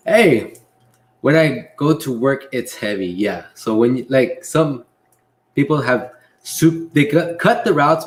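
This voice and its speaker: A young man hosting a casual livestream Q&A, reading chat messages aloud and answering in a relaxed way with frequent laughs. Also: medium pitch. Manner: laid-back, reads chat aloud, laughs often. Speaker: livestream host and delivery driver.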